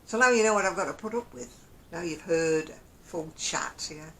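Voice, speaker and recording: A woman's voice: on the low side, normal speed, fairly bright tone, a little hiss or hum, low-quality recording. A woman from Oldham with a Northern English Lancashire accent, chatting casually to camera in a rambling way and often chuckling. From Oldham, England. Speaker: crochet vlogger.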